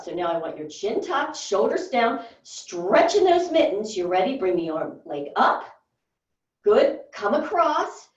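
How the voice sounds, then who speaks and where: A woman fitness instructor calls out brief, encouraging cues in a high, lively voice. She paces the counts slowly, and she sounds set back from the mic in a roomy exercise studio with a dull recording. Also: recorded from a distance. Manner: encouraging, gives short counted movement cues. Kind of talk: guided workout cueing.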